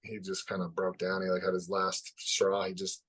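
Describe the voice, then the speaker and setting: A man as a podcast guest, telling a personal story in an open, reflective way that drops soft at the heavy parts. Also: low-pitched, monotone, moderate pace, breathy edge. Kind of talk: candid conversational storytelling.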